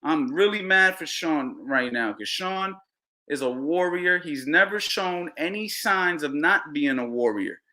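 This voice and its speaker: A man's voice: a little high, unhurried. A man hosting a boxing podcast, ranting heatedly and repeating himself. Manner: animated, ranting, repeats phrases. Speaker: podcast host.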